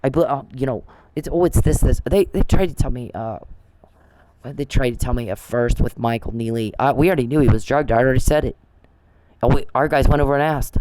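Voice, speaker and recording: A man's voice: medium pitch, brisk, darkish tone, poor audio. A man giving casual ranting commentary, profane and repetitive, often restarting his sentences. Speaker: commentator on a dispute.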